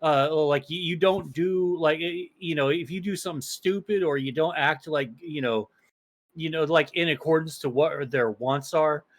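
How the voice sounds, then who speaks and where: A man's voice: fairly high pitch, moderate pace. A young man co-hosting a casual podcast, telling stories in a rambling, profane way, full of restarts and fillers. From small town. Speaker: podcast co-host.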